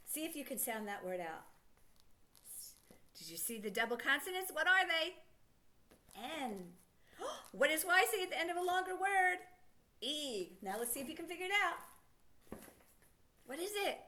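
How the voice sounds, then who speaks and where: Woman, phonics teacher, high voice, very animated, encouraging, sounds out syllables. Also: a little hiss or hum. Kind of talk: children's reading lesson.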